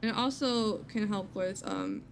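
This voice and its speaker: A woman's voice: mid-range voice, unhurried, slight background noise. A woman streamer chatting casually and thinking aloud while playing a game. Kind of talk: casual gameplay commentary.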